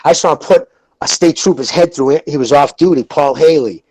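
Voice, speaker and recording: A man, hosting a podcast and telling rambling, profane stories in a casual, animated way. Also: on the high side, fairly quick, dry recording, low-quality recording. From Lowell, Massachusetts. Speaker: podcast host. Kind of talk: casual chat, storytelling.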